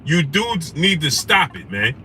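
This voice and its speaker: Speaking a little slowly with a fairly high pitch, a man rants in a noisy car. He's a sports talk show host giving casual, animated live-stream commentary, reading chat names and repeating rhetorical questions.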